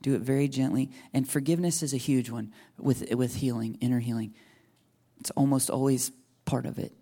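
A man preaching an earnest, tender sermon, often dropping to hushed near-whispers. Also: mid-range voice, fairly even intonation, brisk. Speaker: pastor.

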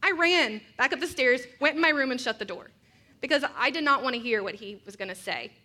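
A woman's voice: high-pitched, expressive, brisk, sharp tone. A woman preaching a sermon, earnest and reflective, mixing scripture with personal stories.

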